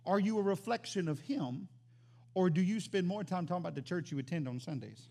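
A high-voiced man preaching a sermon as pastor. He is animated, jumping from loud exclamations down to quiet, emphatic lines. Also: a little fast, vocal fry.

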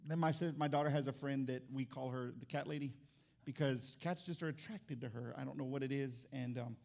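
In a gravelly mid-range voice and a slightly quick pace, a middle-aged pastor delivers a sermon built around a story. He's lively and humorous, moving back and forth between loud bursts and soft asides.

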